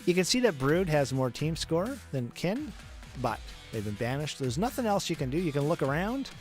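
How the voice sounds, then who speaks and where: A game developer casually comments while test-playing his own game, thinking aloud and restarting sentences in a chatty way. His voice is a little high with big pitch swings, at normal speed, and music plays in the background.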